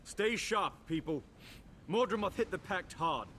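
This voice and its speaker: A man's voice: sits high, lively intonation, measured pace, pushed and bright, a little hiss or hum, full character voice. An actor playing a commanding soldier rallying his troops in a clipped voice.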